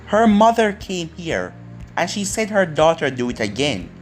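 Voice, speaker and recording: A reader doing a young woman in a homemade audio story who is consumed by guilt. Her lines come out pleading and distressed, with a lively, moving pitch. Faint music sits underneath. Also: normal speed, close to an everyday voice.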